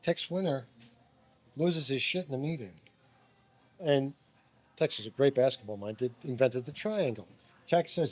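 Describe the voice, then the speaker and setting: A middle-aged man from Long Island, a former basketball player, telling animated stories as a guest, swearing and acting out quotes. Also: mid-range voice, moderate pace, long pauses. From Long Island, New York. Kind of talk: animated storytelling. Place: restaurant.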